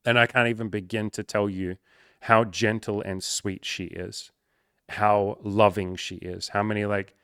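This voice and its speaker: A man's voice: lowish voice, level tone, unhurried, fairly bright tone, smooth, no room sound. A young man speaking candidly and emotionally to camera, swearing freely and close to tears. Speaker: coach and content creator. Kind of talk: emotional personal talk to camera.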